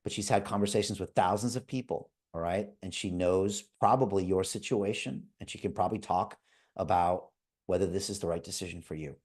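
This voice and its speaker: Pushy man pitching on a live stream. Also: fairly even intonation, fairly quick, darkish tone, slightly rough. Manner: urgent, repetitive tag questions. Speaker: livestream host selling a crypto course. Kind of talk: sales pitch on a live call.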